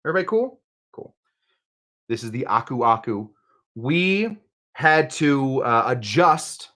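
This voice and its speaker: A man's voice: medium pitch, lively intonation, measured pace, a bit bright. A man hosting a live cocktail-making stream, talking casually and rambling with lots of fillers and asides. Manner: rambling, chatty, self-deprecating, with many fillers. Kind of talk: casual livestream chat while mixing drinks.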